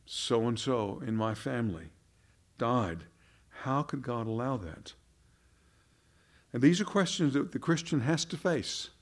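A man preaching a sermon, earnest, firing rhetorical questions and often repeating words, rising in pitch and volume for emphasis.

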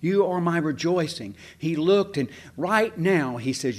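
A man preaching a sermon in a folksy, animated way, with sarcastic asides to the congregation. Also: on the high side, measured pace. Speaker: pastor.

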